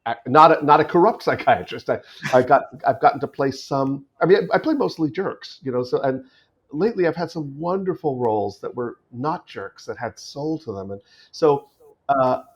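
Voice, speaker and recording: A man's voice: mid-range voice, moderate pace. A middle-aged man talks through his career in a podcast interview, circling back on himself with lots of stammered restarts. His voice sits in an ordinary middle range, and the audio comes across dull and lo-fi. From United States. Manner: thoughtful, many restarts and repeated words. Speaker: guest actor.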